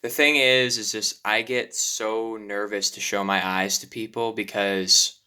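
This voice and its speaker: A nervous young man speaks in a halting, self-deprecating way, stopping often to sigh, apologize and start again. His voice sits on the low side but sounds bright and smooth. He talks in a personal confessional vlog. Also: fairly even intonation. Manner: nervous, halting, many restarts and sighs. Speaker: YouTuber.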